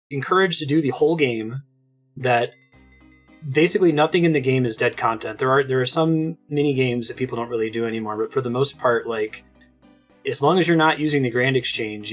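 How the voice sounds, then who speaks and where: A man hosting a let's play, giving chatty, enthusiastic commentary with lots of casual fillers. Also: mid-range voice.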